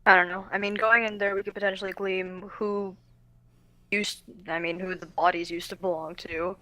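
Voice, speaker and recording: A woman with a bright, tense voice plays a tabletop game. She thinks aloud while planning with the group, in a casual way. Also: mid-range voice, flat delivery, normal speed, dull audio. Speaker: player.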